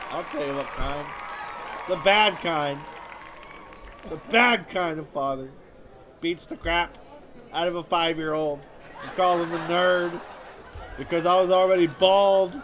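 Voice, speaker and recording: Whiny high-voiced man doing stand-up. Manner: whiny, self-pitying storytelling. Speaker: stand-up comedian. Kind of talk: stand-up comedy monologue. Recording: audience laughter and background noise.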